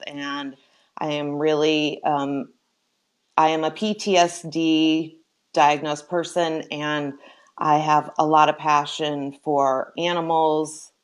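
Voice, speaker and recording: Brief: low-pitched, slow-talking woman from Minnesota, soft-spoken interview guest. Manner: soft-spoken, hesitant with many ums. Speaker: guest, medical esthetician. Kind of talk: personal storytelling interview.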